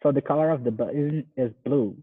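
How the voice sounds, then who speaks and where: A man's voice: mid-range voice, a little fast, breathy edge. A Brazilian man who speaks Portuguese natively, with a Brazilian accent, practicing English pronunciation carefully, repeating words and asking if they are right. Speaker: software engineer learning English. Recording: tinny phone-like video call.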